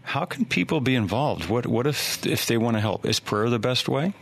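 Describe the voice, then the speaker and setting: A man's voice: mid-range voice, expressive, moderate pace, gravelly. A man hosting an interview, asking interested questions. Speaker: host.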